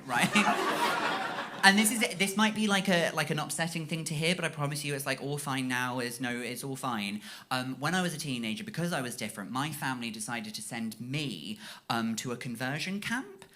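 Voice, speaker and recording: A man's voice: medium pitch, lively intonation, normal speed. A stand-up comedian from Cornwall, a man talking in a chatty, self-mocking way and checking in with the audience on a comedy stage. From Cornwall, England. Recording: live show with loud audience laughter.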